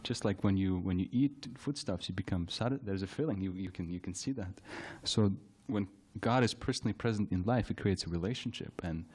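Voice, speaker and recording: A man giving a temple scripture class, telling a story in a halting way, repeating words and laughing often. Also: low-pitched, darkish tone, breathy edge. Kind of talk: anecdotal temple class talk.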